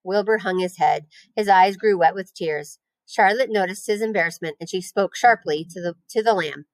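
A woman reads a children's novel aloud to her class at a middle pitch, gentle and unhurried. The recording is dry and close, with no room sound around her. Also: no room sound, low-quality recording.

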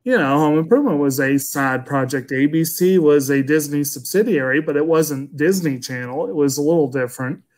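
A man in his thirties co-hosting a casual movie podcast, relaxed and agreeable, thinking aloud. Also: fairly high pitch, fairly quick, hardly any pauses. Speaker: podcast co-host.

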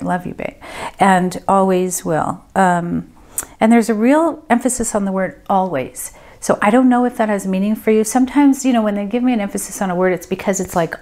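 A woman working as a medium, giving a group reading and thinking aloud in a casual, hesitant way with many pauses and fillers. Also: mid-range voice, a little mellow.

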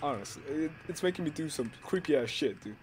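Talking fast in a fairly high voice, with slight noise in the background, this young YouTuber commentates his horror game playthrough live. He swears heavily, yelps and screams whenever something startles him, repeats himself, and stays loud and excitable throughout.

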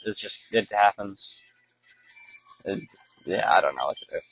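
A man's voice: deep voice, unhurried, fairly bright tone. A man chats offhandedly over a video game he is playing, trailing off and restarting his sentences as he goes. The recording sounds dull and lo-fi, with faint game music underneath. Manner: rambling, self-correcting, offhand. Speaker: let's play commentator. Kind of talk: casual gameplay commentary.

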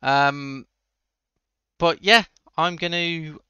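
A man's voice: on the high side, fairly even intonation, drawn-out words, pushed and bright, clean tone, no room sound, dull audio. A man hosting a casual coding livestream, answering chat questions with dry jokes. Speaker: livestream host.

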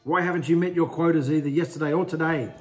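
A man's voice: fairly high pitch, fairly even intonation, quick pace, soft background music, voice pushed up, natural voice. A man doing harsh barking slave drivers. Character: harsh male slave drivers demanding quotas.

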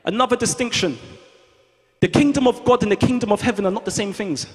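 A man preaching a fervent sermon in a church, calling on the congregation to repeat after him and rising to shouts. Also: high-pitched, fast. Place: church hall. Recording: long reverb of a large hall.

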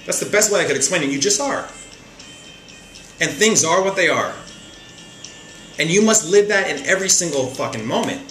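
Bright-voiced man in an echoey room. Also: on the high side, expressive, moderate pace, long pauses, soft background music. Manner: repetitive, emphatic, stumbling restarts. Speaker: spiritual talk host. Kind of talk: casual spiritual monologue. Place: room in a home, seated on a chair.

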